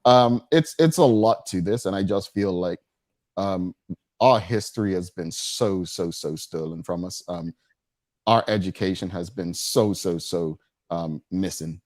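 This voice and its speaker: Animated male talk show host. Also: measured pace, no room sound, clean studio sound. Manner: animated, stammering restarts, jumps high in pitch when excited. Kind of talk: casual studio banter.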